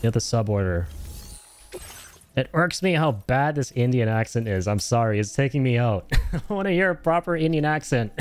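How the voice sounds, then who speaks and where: A man's voice: medium pitch, darkish tone. A young Canadian man with a Canadian accent, streaming a game and chatting casually with viewers, swearing freely. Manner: laid-back, swears, chats with viewers. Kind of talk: casual gaming stream chat.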